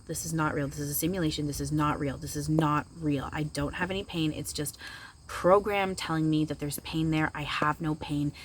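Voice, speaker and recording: A woman's voice: low-pitched, slight background noise, rough recording. A woman talking casually to camera as a spiritual channeler, rambling and chatty with frequent fillers and giggles. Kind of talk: casual vlog monologue.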